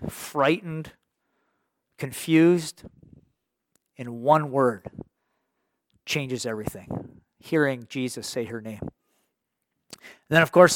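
A man preaching a sermon, his voice a little high for a man and recorded dry and close. He speaks earnestly and haltingly, with many restarts, and builds to emphatic rhetorical questions. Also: a bit bright, no echo.

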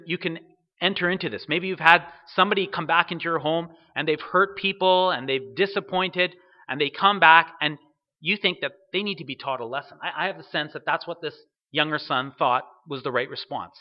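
A man's voice: on the high side, muffled recording. A man preaching a sermon, reading scripture aloud and putting questions to his listeners. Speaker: pastor.

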